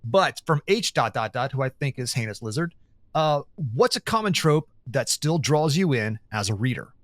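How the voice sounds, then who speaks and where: A man's voice: mid-range voice, very animated, normal speed, no echo. A man hosting a podcast, chatting in a rambling way and laughing easily. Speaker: podcast host. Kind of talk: casual chat.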